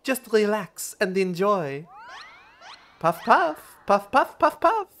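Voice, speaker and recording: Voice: medium pitch, sing-song, takes it slowly, fairly bright tone, a little hiss or hum, pitched above the performer's own voice. A streamer voicing a flirty French woman attendant from a game, with a put-on French accent and a teasing, sing-song manner. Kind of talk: reading game dialogue aloud.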